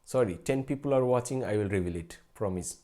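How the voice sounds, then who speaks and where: Mellow-voiced young man live streaming. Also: on the low side, expressive, brisk. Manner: hesitant, many fillers and restarts, chuckles often. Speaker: math channel host. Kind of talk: live stream chat answering viewers.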